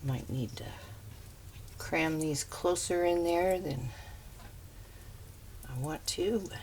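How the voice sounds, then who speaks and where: A woman's voice: low voice, slow pace, a little mellow, a little hiss or hum. A middle-aged woman in her home kitchen, chatting homey and easy as she walks viewers through a simple recipe step by step. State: talking with her mouth full. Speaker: home cooking vlogger. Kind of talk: casual cooking demonstration.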